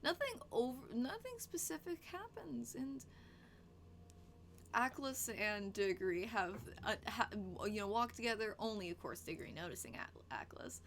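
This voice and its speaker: Lively woman game master. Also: a little high, normal speed, a little hiss or hum. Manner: lively, laughing, drops to soft narration. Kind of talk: narrating a tabletop game.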